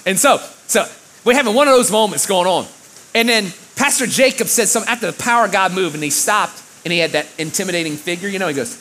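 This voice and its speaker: A man preaching a sermon, telling a story in an animated way, loud one moment and quiet the next. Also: sits high, quick pace, slight background noise. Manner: animated, with big swings of loudness. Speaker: pastor.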